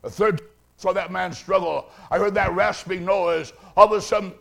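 Man, preacher, sermon, raspy fry, high-pitched, dramatic swings from quiet to loud. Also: steady tone, normal speed. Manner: dramatic, swings from hushed to shouting. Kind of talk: sermon with storytelling.

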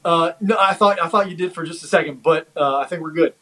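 A man co-hosting a casual podcast chat, talking haltingly with many fillers and restarts. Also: fairly high pitch, a crowd in the background, poor audio. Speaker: podcast co-host. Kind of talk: casual chat reviewing a comedy special.

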